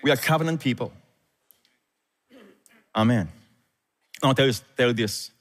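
A male pastor preaching a sermon, telling a scripture story and leaping up in pitch and volume when he quotes the characters. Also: normal speed. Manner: animated, rises high and loud when quoting scripture. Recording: echoey hall with long reverb.

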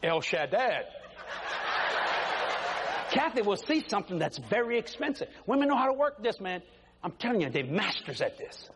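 An older preacher with a strikingly high voice delivers a folksy sermon, his pitch swinging up and down with every point. His voice rings through the long reverb of a large hall. A faint hiss sits in the background. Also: moderate pace, pauses often. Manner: folksy, animated preaching with acted quotes. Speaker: pastor. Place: church sanctuary. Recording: echoey hall, faint noise.

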